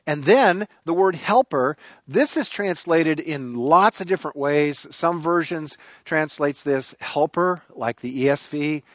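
A man's voice: on the high side, lively intonation, measured pace, no echo. A man preaching a sermon, emphatic and repeating key phrases for stress. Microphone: recorded for online viewers.

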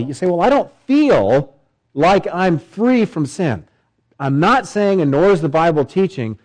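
A male pastor delivering a sermon, emphatic, with swelling pitch and repeated phrases. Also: darkish tone, rough recording.

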